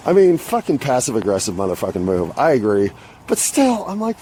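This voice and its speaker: At a normal speed and in a mid-range voice, a man running his own podcast recounts a rambling, profane tale into his phone while outside on the street, at bus stops and aboard a bus. His casual monologue grows animated as he retells it, set against faint street and traffic noise.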